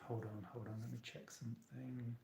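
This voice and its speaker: A man's voice: mid-range voice, flat delivery, moderate pace, creaky, mellow. Chatty man in a roomy room. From United Kingdom. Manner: chatty and rambling, talks straight to viewers. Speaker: channeler and live-stream host. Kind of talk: casual live-stream chat. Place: small hotel room. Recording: roomy echo.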